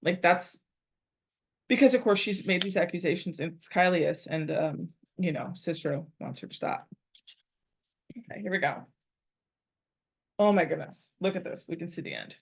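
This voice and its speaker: A woman's voice: on the low side, normal speed, gravelly, pauses often, husky. Woman teacher thinking aloud on dull audio. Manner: thinks aloud, repeats phrases while working out a translation. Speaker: Latin teacher. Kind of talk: live translation lesson. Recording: dull lo-fi recording.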